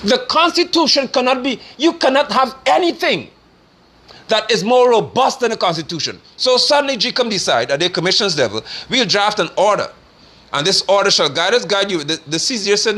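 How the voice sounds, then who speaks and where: Man, preacher-style political commentator, bright high voice, scornful and forceful delivery. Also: animated, fairly quick. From Guyana. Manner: forceful, scornful, rising to sermon-like declarations.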